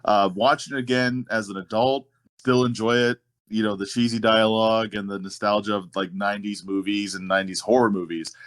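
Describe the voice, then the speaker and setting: Guest wrestler, adult man, medium pitch, laid-back storyteller, dry close sound. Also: steady tone, fairly quick, fairly bright tone, no room sound. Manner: laid-back, profane, anecdotal. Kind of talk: casual storytelling chat.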